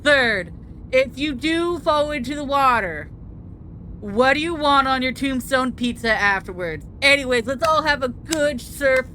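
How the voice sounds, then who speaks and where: Lady doing a chill surfer bro, slow drawl, goofy rambling, bright voice. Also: high-pitched, expressive, slight background noise, exaggerated voice. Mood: mellow. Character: laid-back male surfer dude instructor.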